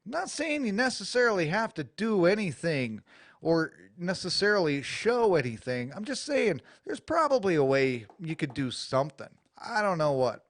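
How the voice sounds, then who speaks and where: A crude, rambling American man hosts his own radio show, talking in a rather high voice. His delivery is blunt and profane. The studio mic gives a dry, close sound. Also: big pitch swings, moderate pace, fairly bright tone, dry recording. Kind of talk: profane talk-radio rant. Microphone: studio mic with adjustable EQ.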